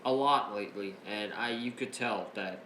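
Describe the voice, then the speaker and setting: A man reviewing a wrestling show in a casual recap. He is excitable and rambling, keeps restarting his sentences, and breaks up laughing as he retells the jokes. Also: on the low side, moderate pace, noisy background. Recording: roomy echo, faint ambience.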